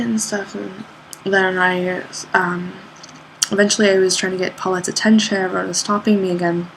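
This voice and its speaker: A young woman, an art student, recounting her day in a loose, rambling way, full of "like" fillers, jumping up high in pitch whenever she quotes someone. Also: little pitch movement, moderate pace, slight background noise, poor audio. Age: young adult. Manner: rambling, lots of "like" fillers, acts out quoted people with sudden high pitch jumps. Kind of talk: casual spoken recollection.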